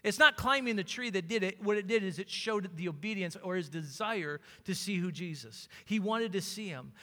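High, bright-voiced preacher in a hall. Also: male voice, animated, moderate pace. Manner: preaching with rising fervor, acting out Bible scenes. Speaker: pastor. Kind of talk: sermon.

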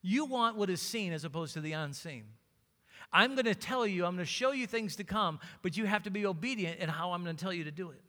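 High, bright-voiced preacher in a hall. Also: male voice, animated, fairly quick. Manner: preaching with rising fervor, acting out Bible scenes. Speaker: pastor. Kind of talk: sermon.

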